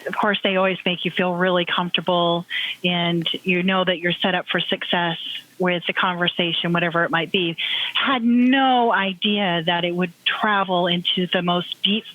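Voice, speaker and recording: A woman podcast guest in a casual group check-in, earnest and measured, with frequent ums. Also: on the low side, fairly even intonation, a bit bright, poor audio.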